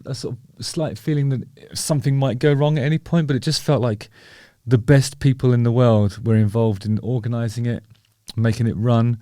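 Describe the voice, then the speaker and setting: In clean, dry studio sound, a man with a warm, medium-pitched voice hosts his own show. It's casual talking-head commentary where he rambles with fillers, chatty and wry, poking fun at himself.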